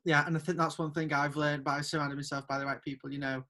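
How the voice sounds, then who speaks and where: A man's voice: on the high side, level tone, quick pace, pushed and bright. A young man hosting an interview, speaking in a thoughtful, rambling way. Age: young adult. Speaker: host. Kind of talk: casual interview chat.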